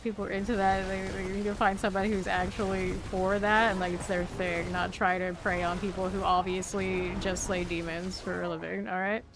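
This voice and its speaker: A woman chats casually while she streams a game, reacting to her viewers and laughing often. Her pitch sits in the middle of the range. A steady wash of noise runs behind her voice. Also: a little fast, few pauses. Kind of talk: casual gameplay streaming chat.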